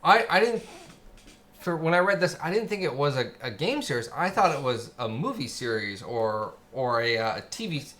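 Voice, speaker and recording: A man co-hosting a casual chat, halting and restarting his sentences in a loose, chatty way. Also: mid-range voice, very animated, fairly bright tone. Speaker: co-host.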